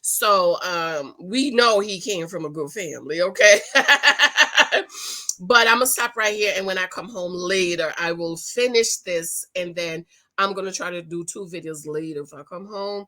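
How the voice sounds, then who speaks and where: A middle-aged woman chatting casually to her viewers while recapping a TV show, animated and laughing often. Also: mid-range voice, normal speed. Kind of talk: casual reaction commentary.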